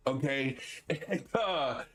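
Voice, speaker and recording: Slow and with vocal fry, a Florida man in his forties hosts a stream, chatting casually and telling stories with plenty of laughter. He swings between excited high bursts and low asides while faint music plays in the background.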